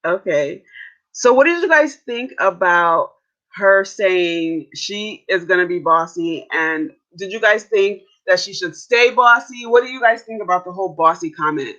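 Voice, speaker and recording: A woman's voice: lively intonation, unhurried, bright, forceful tone. A woman guest joining a live stream, giving her thoughtful, opinionated take on a reality show. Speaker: guest commentator. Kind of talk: casual reality TV commentary. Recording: muffled low-quality audio.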